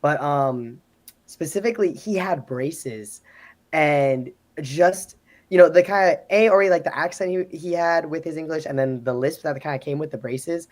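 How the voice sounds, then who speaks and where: This exchange student guest acts out quotes as he tells animated stories in casual talk on a live panel. He is a man with a fairly high pitch who speaks at normal speed.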